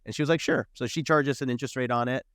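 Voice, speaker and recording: A man in his thirties, a podcast guest telling stories in a casual, animated way and acting out quoted dialogue. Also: medium pitch, rapid-fire, clear, resonant tone, dry recording, clean studio sound. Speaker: podcast guest, real estate investor. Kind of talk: casual storytelling interview.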